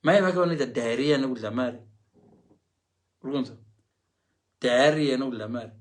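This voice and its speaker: A middle-aged man from Zimbabwe with a Zimbabwean English accent, telling comic stories on a livestream in an animated way, mimicking other people's voices and laughing along. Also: mid-range voice, a little fast. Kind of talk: animated comic storytelling, switching between Shona and English.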